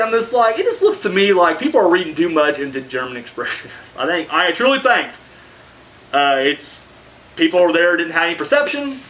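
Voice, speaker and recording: A man with a high, bright voice and a forceful tone reviews horror films. His casual, rambling take is profane, packed with fillers like "you know," and laced with sarcastic asides.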